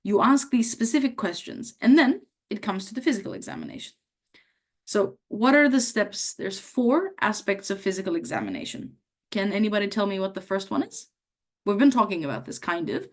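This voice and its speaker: A woman lecturing medical students, her voice a little hoarse from a cough. She talks in a relaxed, conversational way and slips into the questions she would put to a patient. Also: medium pitch, fairly quick. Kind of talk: teaching a workshop on history taking.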